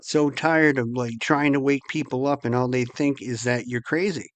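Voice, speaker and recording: A man's voice: medium pitch, steady tone, normal speed, dry recording. A man ranting angrily and profanely to his viewers as host of his channel. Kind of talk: angry monologue to camera.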